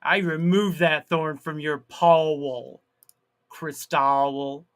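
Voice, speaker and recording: A man hosting a live stream, chatting casually, reading viewer comments aloud and laughing at his own jokes, with drawn-out words and sudden loud outbursts. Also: fairly high pitch, steady tone.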